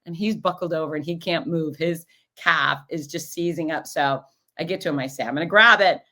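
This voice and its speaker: Female host with a low voice, chatty and lively, acts out the people in her stories. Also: normal speed. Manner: animated, acts out quoted voices. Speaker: podcast host and race announcer. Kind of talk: casual storytelling recap.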